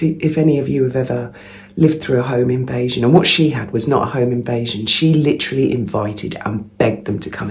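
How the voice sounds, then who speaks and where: A woman's voice: rumbling low, a little mellow, slight background noise. A woman vlogger telling a gossipy story in a chatty monologue at home, laughing often. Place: at home early in the morning.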